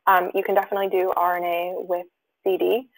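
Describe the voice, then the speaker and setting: A woman's voice: fairly low pitch, little pitch movement, fast talker, low-quality recording. A woman presenting a webinar, reading out audience questions and answering them, with many fillers and restarts. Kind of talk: live webinar Q&A.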